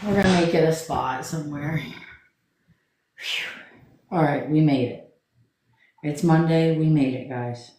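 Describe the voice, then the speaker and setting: A man's voice: on the high side, unhurried, long pauses, a little mellow. Worn-out man in a very echoey room. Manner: rambling, worn out, repeats himself. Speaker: podcast co-host. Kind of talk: casual chat. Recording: very echoey room with faint noise.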